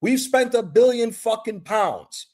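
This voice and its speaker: High-voiced American guy, heated caller, swears a lot, relentless. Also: lively intonation, measured pace, a little mellow. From United States. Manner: passionate, profane, emphatic. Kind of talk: heated call-in rant.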